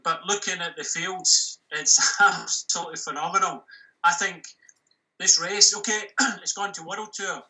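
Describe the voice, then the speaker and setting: A middle-aged man with a West of Scotland accent, chatting casually and a little haltingly as a guest pundit. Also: high-pitched, distant mic, low-quality recording. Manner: relaxed, chatty, hesitant with fillers. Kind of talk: casual interview chat.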